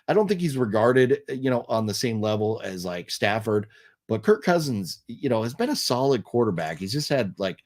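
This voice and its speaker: Rambling, easygoing American livestream host. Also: male voice, medium pitch. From United States. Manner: rambling, many fillers and restarts, friendly. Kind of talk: casual live chat reading super chats.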